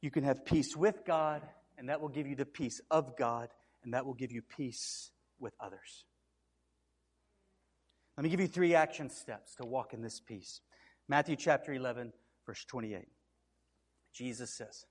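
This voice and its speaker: A man's voice: mid-range voice, measured pace, breathy edge, in a large hall. A man preaching a sermon as pastor, building to emphatic, repeated cries.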